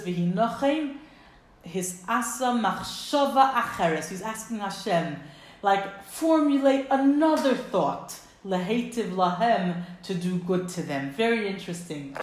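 A woman's voice: medium pitch, a little hiss or hum. Lady teaching a bible lesson, earnest, reads hebrew then explains, kinda roomy echo. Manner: earnest, explains verses with Hebrew quotes and translations. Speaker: Torah teacher. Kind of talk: text study lesson. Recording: echoey room.

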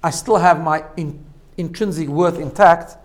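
Slightly high-pitched and a little slow, this male teacher walks through a self-growth lesson one step at a time. He leans on repeated phrases and keeps asking "right?"

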